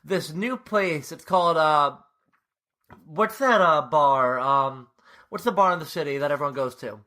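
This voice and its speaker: A young man in his twenties co-hosting a podcast, telling stories in a fast, animated casual chat. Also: a little high. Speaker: podcast co-host.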